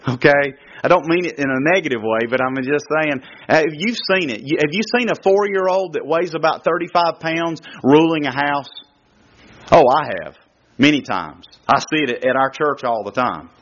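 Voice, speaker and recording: A man preaching a sermon as a guest speaker at a church service, emphatic and full of rhetorical questions. His pitch swings widely as he talks. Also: animated, moderate pace, fairly bright tone. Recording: lo-fi dull recording.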